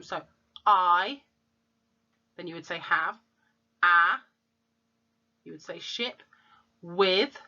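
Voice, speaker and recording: A woman teacher, slowly sounding out letters and words in a phonics lesson for young children. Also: on the low side, bright, forceful tone, lo-fi sound. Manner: slow, clear sounding-out of letters. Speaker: primary school teacher.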